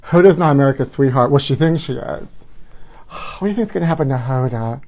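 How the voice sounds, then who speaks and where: A man's voice: medium pitch, lively intonation, brisk, a little mellow. A man hosting a live gossip show by himself, campy and sassy, talking into his phone camera. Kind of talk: solo livestream chat. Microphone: phone camera filming himself.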